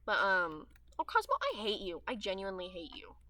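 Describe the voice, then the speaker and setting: A teenage girl rambling through gameplay chat in a bright, clear voice. Her throat is dry and sore, and she smacks her lips as she hops between thoughts with fillers and restarts. The sound is close and dry, with no room around it. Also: medium pitch, huge pitch swings, fairly quick, no echo. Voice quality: dry mouth with audible lip smacking. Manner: chatty and meandering, with frequent fillers and trailing restarts. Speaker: gaming streamer.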